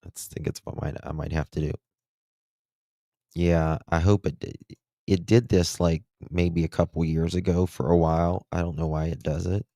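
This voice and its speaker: Deep-voiced man, slow rambling livestream host, dry close sound. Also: steady tone, vocal fry, dark tone, dry recording. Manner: slow, rambling, thinking aloud. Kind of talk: casual livestream commentary.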